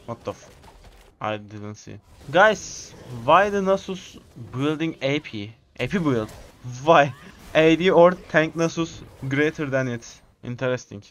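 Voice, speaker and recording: A man, excitedly commenting on his own gameplay, repeating short exclamations in English. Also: fairly high pitch, measured pace. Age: 20s. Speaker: gamer streamer.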